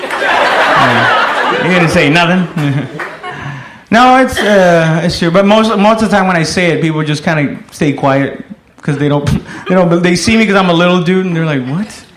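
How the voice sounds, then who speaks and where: High-voiced man doing rowdy stand-up. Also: animated, normal speed, reverberant, noisy background. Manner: rowdy storytelling with loud shouted voices. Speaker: stand-up comedian. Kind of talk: stand-up comedy set.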